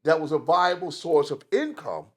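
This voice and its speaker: A middle-aged man from Atlanta with a Southern accent, telling profane, animated stories as an interview guest. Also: fairly high pitch, moderate pace. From Atlanta, Georgia. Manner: animated storyteller, profane, drawling asides. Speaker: guest rapper. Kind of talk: casual storytelling interview.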